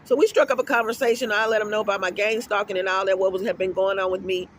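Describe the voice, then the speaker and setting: A man's voice: sits high, fairly even intonation, quick pace, fairly bright tone, slight background noise. A middle-aged man vlogging outdoors at an apartment complex, telling a rambling, emphatic story full of cursing. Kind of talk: casual vlog rant.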